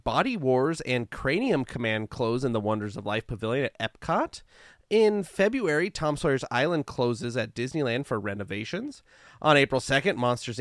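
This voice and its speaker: Man, podcast co-host, chatty, reads dates and lists, smooth voice, dry recording. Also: medium pitch, a bit bright, dry recording. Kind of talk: casual chat reading a history segment.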